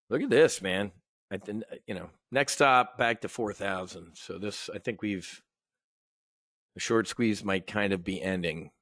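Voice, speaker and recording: A middle-aged American man hosting a live options trading show, talking in a rambling, opinionated way with frequent restarts and throat clearing. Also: medium pitch, a bit bright, no room sound, studio quality. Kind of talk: casual live market commentary.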